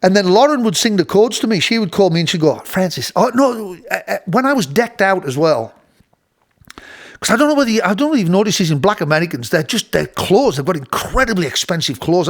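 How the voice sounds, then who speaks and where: Rambling man, high voice. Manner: rambling, full of restarts, mimics voices with laughter. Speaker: host. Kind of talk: casual storytelling.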